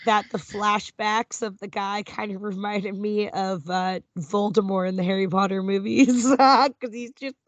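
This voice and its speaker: A woman's voice: mid-range voice, fairly even intonation, unhurried, hardly any pauses, no room sound, muffled recording. A woman guest on a podcast, chatting casually about a movie in blunt slang and laughing a lot. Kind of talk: casual chat reviewing a movie.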